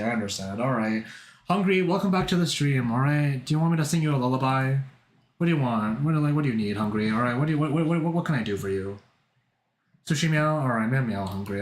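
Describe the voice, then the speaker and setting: A man streaming live, chatting casually to his viewers, rambling and self-mocking with lots of swearing. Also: medium pitch. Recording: roomy echo.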